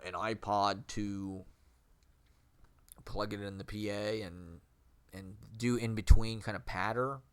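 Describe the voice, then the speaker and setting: Rambling man with a low, nasal voice. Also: smooth. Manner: rambling and self-questioning, laughs often, many fillers. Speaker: vlogger and aspiring street poet. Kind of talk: rambling casual monologue.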